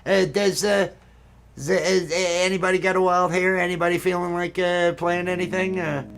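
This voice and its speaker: A man's voice: sits high, little pitch movement, moderate pace, vocal fry, a bit bright. A man hosting a livestream music night over a video call, chatting casually and rambling with lots of fillers. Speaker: livestream host.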